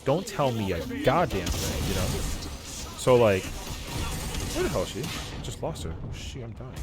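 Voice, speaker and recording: Music plays in the background as a man with a mid-range voice streams a game, unhurriedly telling a casual story. Slangy, profane, and animated, he acts out his friends' lines.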